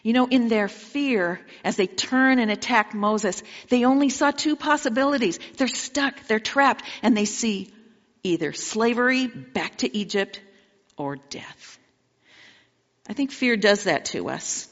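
A woman delivers a sermon in a fairly high voice, retelling the story dramatically and asking her listeners pointed questions. Her voice carries a long reverb from a large hall. The recording is dull and muffled. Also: a little slow. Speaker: preacher.

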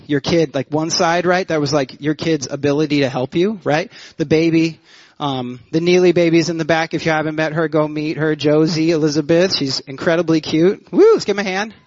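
A man in his thirties, a worship pastor, telling funny stories in a sermon and bantering with the congregation. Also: fairly high pitch. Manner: animated, joking, audience banter. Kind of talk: humorous sermon storytelling. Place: church sanctuary. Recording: muffled church hall reverb.

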